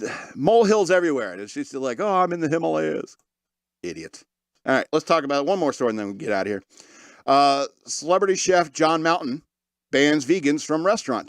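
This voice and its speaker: A man's voice: mid-range voice, dry recording, studio quality. A man hosting a podcast, reading news stories aloud and breaking off into sarcastic, mocking asides. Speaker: podcast host. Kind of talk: comedic news commentary.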